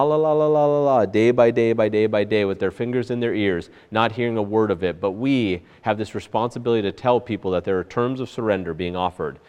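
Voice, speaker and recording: A man preaching a sermon in an earnest way, with frequent fillers and restarts. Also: fairly low pitch. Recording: long hall reverb.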